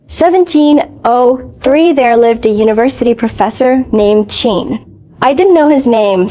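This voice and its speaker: A woman narrating a first-person dramatic story in a steady, even reading voice. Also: on the high side.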